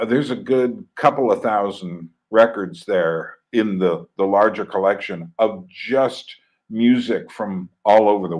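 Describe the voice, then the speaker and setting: A man's voice: on the low side, low-quality recording. A man hosting an internet radio fundraiser, telling stories in a rambling, casual way with many fillers and restarts. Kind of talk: casual storytelling monologue.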